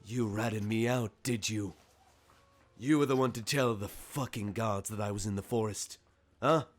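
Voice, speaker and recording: A man's voice: fairly low pitch, moderate pace, faint music behind, lightly acted. Man playing a furious vengeful wizard.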